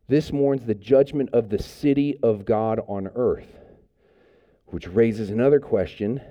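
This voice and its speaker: A male pastor delivers a sermon in a loose, conversational way, stumbling into restarts and fillers as he goes. His voice sits at a middling pitch, and the recording sounds a little muffled and lo-fi. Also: a little slow.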